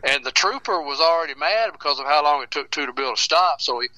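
A man's voice: a little high, lively intonation, sharp tone, no echo, poor audio. A man telling a folksy tale as a radio guest, chuckling and restarting as he goes. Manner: chuckles through his tales, halting repeats. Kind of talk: folksy storytelling.

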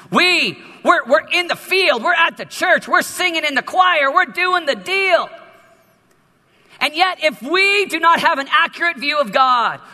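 A man preaching a sermon as a youth pastor in an emphatic, animated way, with many repetitions. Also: extremely high pitch, long reverb tail.

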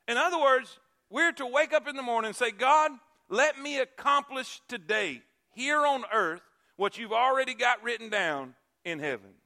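A male pastor preaching a sermon, repeating key phrases and swinging from loud emphasis to hushed asides. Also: high voice.

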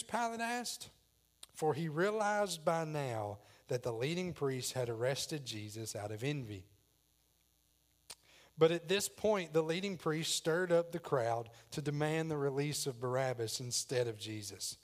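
Preacher acting out the scene. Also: male voice, medium pitch, expressive, a little slow. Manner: dramatic, acts out voices in the story. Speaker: pastor. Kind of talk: sermon.

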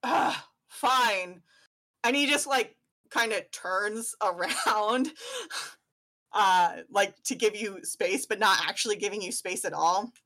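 A woman's voice: medium pitch, a little slow, a bit bright. A woman game master narrating a tabletop role-playing game, chatty and giggly with lots of fillers.

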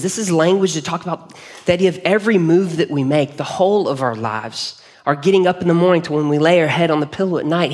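Male pastor, sermon delivery, earnest and conversational, slightly higher voice. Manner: conversational, earnest, with frequent restarts. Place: church hall.

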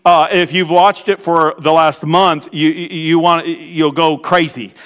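A male pastor delivers a sermon, pausing often and restarting his phrases. His voice sits a little higher than usual for a man. The sound carries a long reverb from the church hall. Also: fairly even intonation, fairly bright tone. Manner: preaching with pauses and repeated restarts. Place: church sanctuary.

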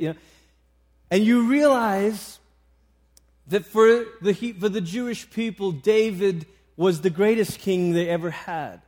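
A man's voice: high voice, a little slow, darkish tone. A man preaching a sermon, retelling a story with frequent restarts.

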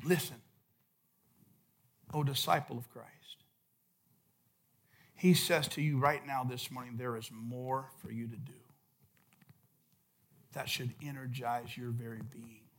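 A man preaching a sermon as pastor, impassioned, swinging from loud shouts to hushed intensity. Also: mid-range voice, fairly even intonation, takes it slowly, pauses often, a little hiss or hum. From California.

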